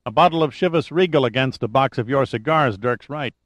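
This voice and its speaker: A man's voice: mid-range voice, brisk, a bit bright, no echo, studio quality, voice pushed up, natural voice. A man reading an audiobook, voicing a wry, bantering male sidekick.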